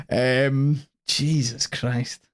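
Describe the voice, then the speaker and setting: A Scottish podcast co-host in casual chat, animated, swearing freely and laughing often. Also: mid-range voice, extremely slow, husky.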